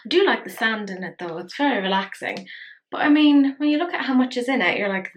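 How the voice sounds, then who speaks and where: A woman's voice: fairly high pitch, expressive, quick pace, a little hiss or hum. A woman, chatting playfully through a makeup tutorial and poking fun at herself. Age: 30s. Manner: chatty, playful and self-mocking. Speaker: makeup vlogger. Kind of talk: casual makeup tutorial chat.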